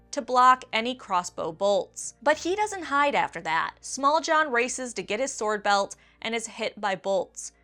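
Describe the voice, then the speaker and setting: A woman hosting a countdown video, talking excitably, swearing freely and acting out quotes. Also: a little high. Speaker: book video host. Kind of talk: enthusiastic countdown commentary.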